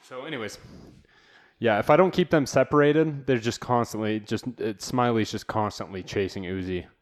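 A man's voice: on the low side, normal speed. Laid-back man, slangy podcast chat. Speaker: podcast host. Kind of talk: casual solo podcast chat. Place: new home studio.

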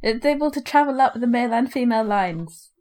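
Chatty woman, slightly high voice. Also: lively intonation, a little fast, darkish tone. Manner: rambling, lots of fillers and asides. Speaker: podcast co-host. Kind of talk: casual book-club chat.

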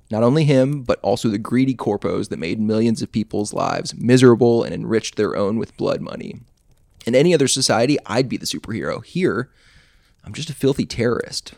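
Male podcast host, low and gravelly, sardonic storyteller, dry close sound. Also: a little mellow, dry recording. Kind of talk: reading his own short story aloud.

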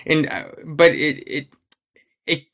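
Male podcast co-host, a touch high-pitched, loose and rambling, full of fillers and swearing. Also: very animated, slow, gravelly, a bit bright. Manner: rambling, many fillers and restarts, profane. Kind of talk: casual chat.

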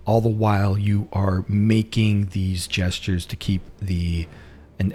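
A man narrating as game master of a tabletop game, relaxed and rambling, talking into a home mic on a voice call. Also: fairly low pitch.

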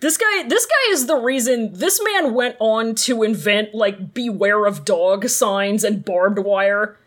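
Wry, riffing woman podcast co-host with a high, lively voice. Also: takes it slowly. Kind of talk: casual recap chat.

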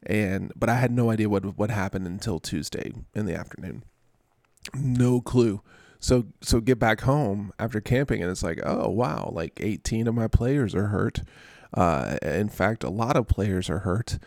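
A man's voice: fairly low pitch, moderate pace, darkish tone, no echo, studio quality. A man hosting a podcast, rambling and joking at his own expense in a casual chat. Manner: rambling, jokey, self-mocking. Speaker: podcast host.

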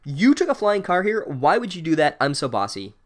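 A man doing a high, shrill bossy schoolgirl. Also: sing-song, brisk. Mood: scolding. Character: bossy know-it-all schoolgirl.

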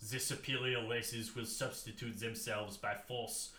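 Man putting on a solemn, pompous French academic; bright voice, roomy sound. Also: fairly even intonation, unhurried, slight background noise. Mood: grave. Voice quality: low, throaty, put-on French. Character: pompous 19th-century French anthropologist, man.

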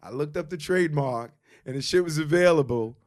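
A man's voice: a little high, brisk, a little mellow. A man telling a story in casual conversation, quoting friends in slang. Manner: laid-back storyteller, quotes friends in slang. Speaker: guest, clothing store founder.

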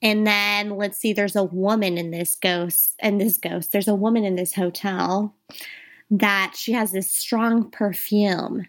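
A woman in a casual podcast chat, running through spooky tales in a loose, talky way. Her voice sits at an everyday middle pitch. She often turns to address the listeners directly. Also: fairly even intonation, a little slow. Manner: chatty, addresses listeners as "you guys". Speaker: podcast co-host. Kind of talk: casual ghost-story chat.

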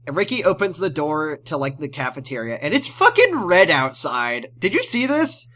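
A man co-hosting a casual recap chat, animated and jokey, swearing casually. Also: a little high, moderate pace. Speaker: podcast co-host recapping a TV show.

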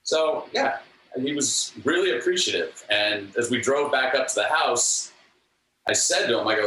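A man telling earnest stories as a guest, acting out the lines of the people in them. His pitch moves a lot, and his tone is bright. The recording is echoey, picked up from a distance, with faint ambience behind him. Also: normal speed. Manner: animated, earnest, acts out quotes. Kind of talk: storytelling anecdotes in an interview.

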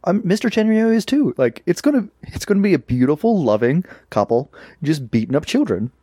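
A man talks in a loose, casual way, jumping around in pitch as he gets excited. He acts out quoted lines and laughs often. His voice sounds dry and close to the mic. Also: fairly quick, husky, no echo. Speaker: podcast co-host. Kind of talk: casual chat.

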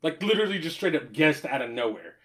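A man's voice: a little high, big pitch swings, quick pace, a bit bright. A man telling stories in casual chat, rambling and swearing freely, laughing often.

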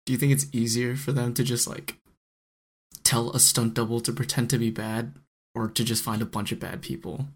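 A man's voice: medium pitch, steady tone, normal speed, slightly rough. A young man co-hosting a podcast in casual chat, easygoing and laughing often. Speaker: podcast co-host.

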